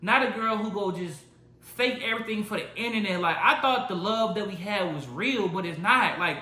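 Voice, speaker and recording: Young man, mock-serious storytelling, bright voice, echoey room. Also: high-pitched, expressive, a little fast. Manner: dramatic mock-serious storytelling, addresses viewers as y'all. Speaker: YouTuber. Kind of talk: joking prank vlog. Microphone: phone.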